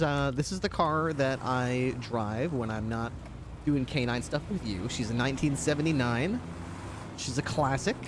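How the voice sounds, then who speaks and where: A man roleplaying a police dog handler, chatting to his dog in a doting, chatty way and laughing often. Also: mid-range voice. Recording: game ambience and vehicle noise behind.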